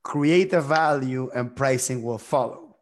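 A man's voice: mid-range voice, measured pace. A man interviewing a guest, asking long searching questions and restating her points.

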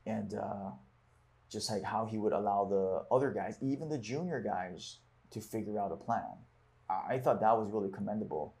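Man, lowish voice, reads aloud and reflects casually, group discussion leader. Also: moderate pace, vocal fry, darkish tone. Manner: reads passages aloud, then reflects with fillers. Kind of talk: book club discussion.

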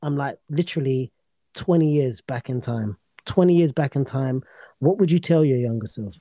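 A man's voice: mid-range voice, normal speed, mellow, no echo. A man hosting a podcast in casual chat, reacting to his guest with laughter and slang. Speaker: podcast host.

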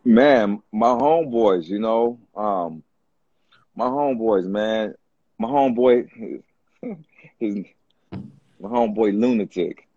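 A man telling stories on a podcast in a loose, animated way, repeating words and acting out what others said. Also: on the low side, slow pace, long pauses, breathy edge, no room sound. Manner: animated storyteller, repeats words, acts out quotes. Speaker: podcast guest. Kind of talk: casual storytelling chat. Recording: dull dry close-mic podcast sound.

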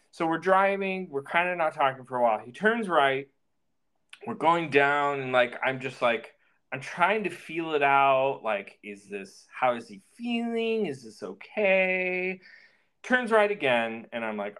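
A man's voice: medium pitch, measured pace, clean tone. Guy telling a story on a podcast, voice jumping all over, cursing a lot. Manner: animated, swearing, acts out the dialogue. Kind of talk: casual storytelling.

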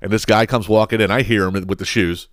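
A podcast host tells a story in a casual comedic rant, swearing often and repeating words, with animated, profane energy and frequent restarts. His voice sits on the low side at a quick pace, recorded in studio quality with no room sound.

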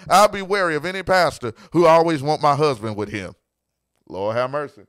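A man's voice: on the high side, a little fast, fairly bright tone, smooth, no echo. Emphatic preaching man, dry sound. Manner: emphatic, repeats phrases for stress. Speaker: pastor and podcast host. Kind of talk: preaching-style podcast talk.

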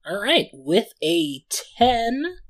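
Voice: mid-range voice, sing-song, drawn-out words. A game master narrating a tabletop game, playful and often laughing.

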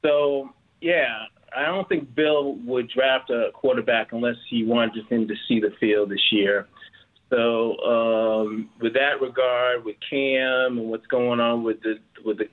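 A man from Boston with a Boston accent, calling in to a sports radio show and asking a hesitant, halting question. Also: mid-range voice, fairly even intonation. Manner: hesitant, restarts often. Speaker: caller. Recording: tinny phone line.

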